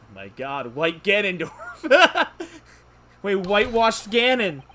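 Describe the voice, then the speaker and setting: A bright-voiced man giggling and joking his way through a live game stream. His pitch jumps around energetically and sits a little high. Game music plays faintly underneath. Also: huge pitch swings, slow. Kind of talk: live game playthrough commentary.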